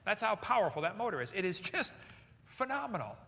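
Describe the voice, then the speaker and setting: Animated high-voiced man lecturing in a hall. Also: rapid-fire, vocal fry. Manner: animated, asks the audience questions. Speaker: creationist speaker. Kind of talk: lively seminar lecture. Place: large hall with audience. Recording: echoey hall recording.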